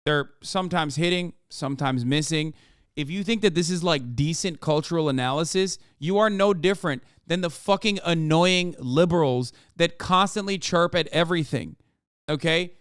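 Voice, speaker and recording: A man rants through his live-stream commentary, swearing freely and sounding exasperated. His voice is smooth and resonant, sitting a little high, and the sound is close and dry with no room echo. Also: moderate pace, a bit bright. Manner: profane, exasperated ranting. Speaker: streamer reacting to videos.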